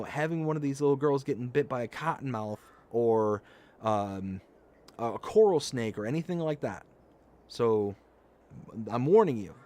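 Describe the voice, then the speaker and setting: A male streamer tells a story in a casual, chatty way, his voice rising and falling widely. He acts out the quoted lines and stops to read viewer comments aloud. His pitch sits mid-range for a man. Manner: animated anecdote telling, acts out quotes, reads chat aloud. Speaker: live stream host.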